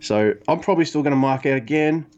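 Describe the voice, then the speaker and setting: A man co-hosting a podcast in casual chat, excitable and rambling, cursing often. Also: a little high, quick pace, lo-fi sound. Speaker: podcast co-host.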